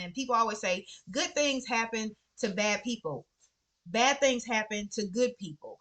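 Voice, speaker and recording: A woman's voice: on the high side, normal speed, fairly bright tone. A woman with children, talking earnestly to camera in a casual vlog and repeating phrases for emphasis. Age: adult with children. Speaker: vlogger sharing favorite books. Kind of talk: casual heartfelt chat to camera.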